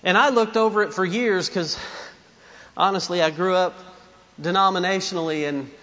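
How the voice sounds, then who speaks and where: High-voiced man preaching a sermon. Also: fairly bright tone, dull audio. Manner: emphatic preaching with repetition and asides to the congregation. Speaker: pastor.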